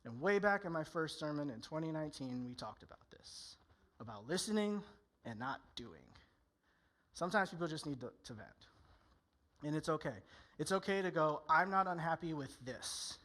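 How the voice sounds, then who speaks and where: A man's voice: fairly high pitch, expressive, moderate pace, a bit bright. A male pastor preaching a candid, conversational sermon in church, often acting out people's inner voices.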